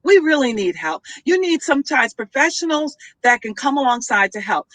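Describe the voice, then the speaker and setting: A woman's voice: sits high, sing-song, normal speed, a bit bright, no echo. A woman guest speaker in a heartfelt conversation, teaching in an affirming way and checking in with her listener. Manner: teaching, affirming, checks in with okay and all right.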